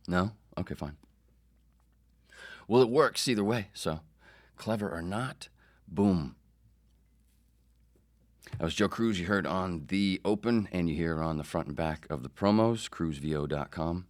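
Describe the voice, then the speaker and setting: A man's voice: sits low, slow pace, long pauses. A man hosting his own comedy podcast, talking in a rambling, sarcastic, profane monologue. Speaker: podcast host.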